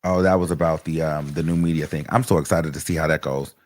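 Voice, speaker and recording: A man's voice: rumbling low, quick pace. Chatty, profane male stream host. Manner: chatty, animated and profane, with lots of fillers. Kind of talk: casual commentary stream.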